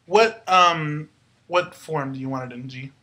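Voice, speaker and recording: A woman's voice: low-pitched, measured pace, bright, forceful tone. Woman, Spanish teacher, upbeat, step-by-step, classroom lesson. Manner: upbeat, drills endings step by step. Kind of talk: classroom-style grammar lesson.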